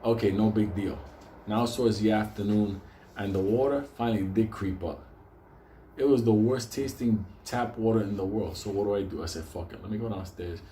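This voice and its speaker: Profane storytelling man, dark echoey sound. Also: fairly low pitch, normal speed, a little hiss or hum. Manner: swearing constantly, animated storytelling. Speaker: show host. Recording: echoey room with faint ambience.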